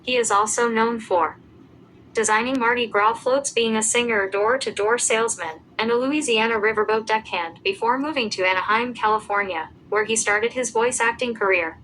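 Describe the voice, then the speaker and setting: A woman giving a scripted narration, reading out lists of names and dates at an even pace. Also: a little high, normal speed, slight background noise, low-quality recording.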